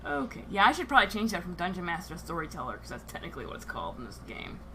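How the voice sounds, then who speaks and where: A woman's voice: lowish voice, huge pitch swings, racing, noisy background. A woman acting as storyteller for a live-streamed tabletop game, chatty and casual, often laughing and trailing into filler words.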